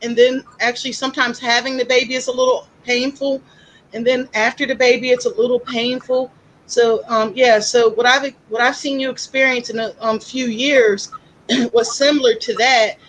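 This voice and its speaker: High, chatty woman psychic. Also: moderate pace, slight background noise, rough recording. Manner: chatty, animated storytelling. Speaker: psychic reader, co-host. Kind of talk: casual live-stream reading.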